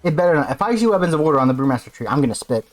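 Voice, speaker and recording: A man streaming live, reacting to a game and swinging into loud mock rants. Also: on the high side, sing-song, racing, faint music behind.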